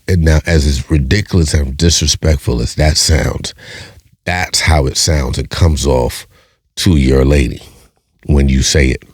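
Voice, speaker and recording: A man's voice: rumbling low, a little mellow, dry recording, clean studio sound. A man hosting a podcast, talking bluntly and profanely, firing off rhetorical questions and repeating himself. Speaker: podcast host. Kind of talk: casual monologue.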